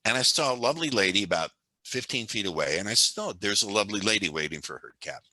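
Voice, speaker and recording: Talkative male guest storyteller, low voice with a sharp, forceful edge, dry close sound. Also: lively intonation, quick pace, no room sound, rough recording. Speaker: podcast guest, hypnosis and sales trainer. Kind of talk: conversational storytelling.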